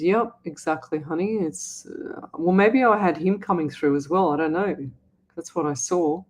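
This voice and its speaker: A woman's voice: deep voice, a little slow, darkish tone. A middle-aged Australian woman hosting a live psychic reading, chatty and rambling, often repeating herself. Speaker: psychic medium host.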